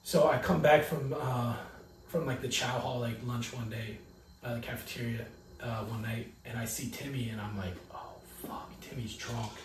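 A man's voice: medium pitch, moderate pace, a little hiss or hum. Profane storytelling guy, echoey room. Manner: profane, animated storytelling with bursts of loud impressions. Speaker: podcast co-host. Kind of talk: casual chat. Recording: echoey room, mic at a distance.

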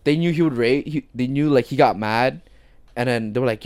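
A man's voice: medium pitch, quick pace, a little mellow, smooth, no room sound. A young man co-hosting a casual podcast, telling rambling stories with lots of swearing and acted-out quotes. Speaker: podcast co-host. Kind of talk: casual chat among friends.

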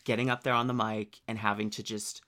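A man hosting a podcast in a casual, animated, chatty way, laughing easily. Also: lowish voice, brisk. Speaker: podcast host.

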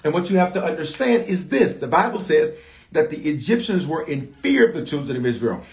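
A man preaching as a bishop, his pitch swinging up and down as he drives his points home to the congregation. He keeps calling on them to answer back. His voice rings around an echoey church sanctuary. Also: brisk. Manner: animated, calls out to the congregation for response. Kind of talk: sermon.

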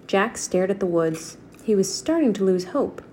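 A woman reads a children's chapter book aloud in a steady, clear voice. Her pitch sits in a comfortable middle range. A faint hiss stays in the background. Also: moderate pace. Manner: steady, clear storybook narration. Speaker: storyteller.

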